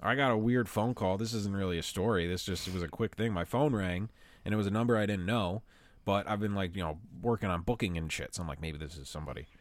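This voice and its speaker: A man's voice: lowish voice, quick pace, no echo. A young man co-hosting a podcast in loose, profane casual chat, laughing often. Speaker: podcast co-host.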